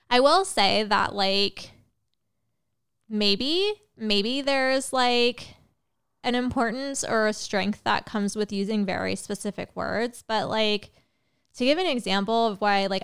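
A woman guest in a casual podcast chat, rambling and animated, full of "like" fillers. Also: medium pitch, clean tone. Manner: rambling, heavy use of "like" fillers; animated, quick bursts of excitement.

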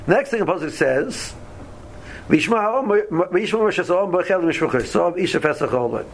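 A man's voice: high-pitched, animated, moderate pace, vocal fry, slight background noise, low-quality recording. A man leading a casual Torah study class, often stumbling over and repeating words, reading Hebrew verses aloud and then explaining them.

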